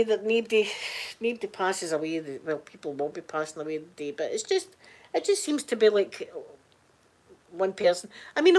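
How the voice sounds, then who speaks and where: A middle-aged Scottish woman chatting casually on a live stream, greeting viewers in the chat by name. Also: mid-range voice. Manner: chatty, warm-hearted, reads out chat names.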